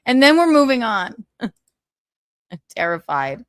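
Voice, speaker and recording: Woman, gossip stream host, animated pitch, dry close sound, tired but chatty. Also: measured pace, no echo. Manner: chatty, giggly, tired asides. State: exhausted. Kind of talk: casual chat.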